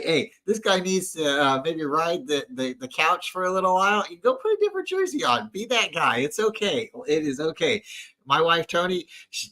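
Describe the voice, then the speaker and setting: Man, bright voice, slightly high, rambling casual fan chat, many restarts. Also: low-quality recording. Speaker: podcast co-host. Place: at home.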